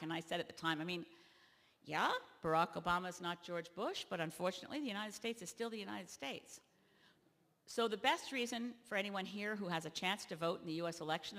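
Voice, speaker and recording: A woman from Canada, a party leader, giving an animated convention keynote speech that rises to loud emphatic peaks. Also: fairly low pitch. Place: large convention hall. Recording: long reverb of a large hall.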